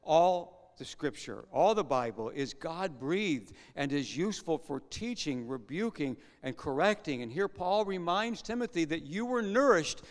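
A man's voice: a little high, lively intonation, a little slow, hardly any pauses. Man preaching a sermon in a reverberant hall. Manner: conversational preaching with rhetorical questions. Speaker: pastor.

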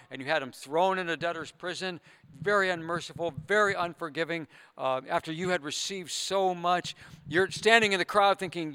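Earnest preacher man with a bright voice. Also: a little high, smooth. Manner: earnest, retelling a parable with conversational asides. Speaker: pastor. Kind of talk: sermon.

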